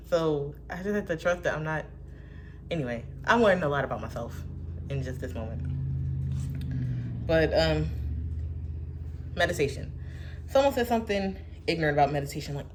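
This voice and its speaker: A woman with a lowish voice muses on faith in a loose, casual vlog. She talks bluntly and swears freely, jumping from loud outbursts to soft whispered asides. A faint hiss runs under the recording. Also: very animated, a little fast, long pauses. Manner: blunt and profane. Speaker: vlogger. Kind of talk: casual spiritual musing.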